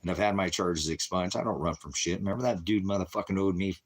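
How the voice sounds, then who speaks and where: A man's voice: low-pitched, quick pace, breathy edge. A man who leads a ministry, rambling angrily in a profane monologue and swearing heavily. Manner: rambling, angry, heavy swearing. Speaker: ministry leader.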